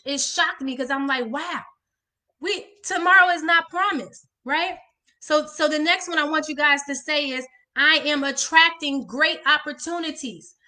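A woman's voice: high voice, bright, forceful tone. A woman life coach on a live stream, leading viewers through affirmations with lots of energy and repeated "y'all" and "all right.".

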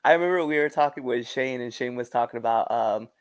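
A man's voice: medium pitch, fast, dry recording, clean studio sound. A man hosting a podcast interview, easygoing and friendly, laughing along with his guest. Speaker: podcast host. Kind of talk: casual interview chat.

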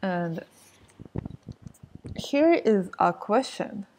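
Woman teacher, very unhurried, warm low-key tone, repeats each phrase to drill it. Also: expressive, slight background noise. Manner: repeats phrases, explains step by step. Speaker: language teacher. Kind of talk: casual language lesson.

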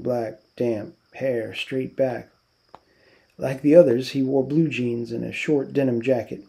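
A male teacher narrates a novel aloud in a measured, expressive way. His voice is gravelly and mellow, without any brightness. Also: medium pitch.

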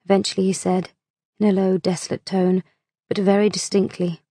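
A woman narrating an audiobook in a measured, unhurried reading voice on a close mic. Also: medium pitch, little pitch movement, mellow, slightly rough, no room sound.

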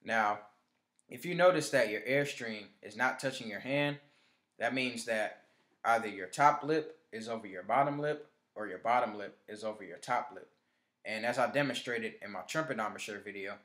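A man teaching trumpet basics in a calm instructional lesson, walking through steps and counting the listener in. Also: on the low side, reverberant. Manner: steady step-by-step instruction, counting in.

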